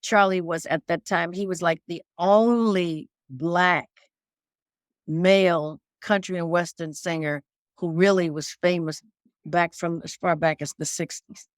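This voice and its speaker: Older woman guest, low-pitched and dry, animated storyteller. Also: unhurried, no echo. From Detroit. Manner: animated storyteller, repeats phrases. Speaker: guest singer. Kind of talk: casual interview chat.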